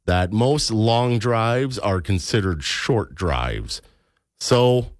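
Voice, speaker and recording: A man's voice: fairly low pitch, drawn-out words, no room sound, studio quality. A man hosting a casual afternoon radio show, playful and chatty. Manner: lively, playful, jumps into mock voices. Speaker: radio host.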